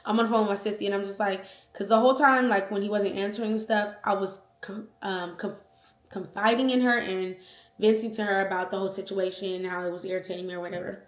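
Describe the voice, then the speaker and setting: A young woman vlogger telling a personal story in a casual, slangy, animated way, acting out the quotes. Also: mid-range voice, fast talker. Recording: echoey room.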